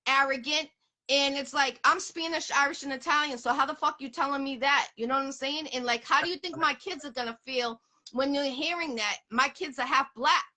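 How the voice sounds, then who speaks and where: A woman's voice: high-pitched, a little fast, pushed and bright. A woman from the area, hosting an interview in blunt, profane, emphatic casual talk. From Boston area, USA. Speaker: interview host.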